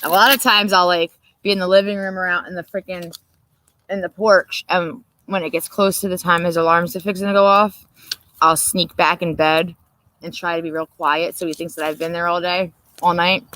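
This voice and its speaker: A woman's voice: lowish voice, level tone, moderate pace, sharp tone, poor audio. A woman hosting a livestream, rambling, profane and laughing as she chats. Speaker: livestream host. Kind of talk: casual late-night chat.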